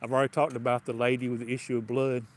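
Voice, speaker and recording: With a Southern US accent, a man preaches a livestreamed sermon in a folksy, colloquial style, often repeating and restarting phrases. His mid-range voice is flat in delivery and rapid-fire.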